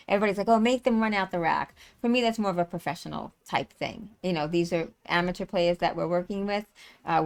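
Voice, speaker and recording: Woman, stream host, fairly low voice, casual, rambling, lots of fillers. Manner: rambling, many fillers and restarts. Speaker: livestream host and tour organizer. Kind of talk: casual live-stream chat.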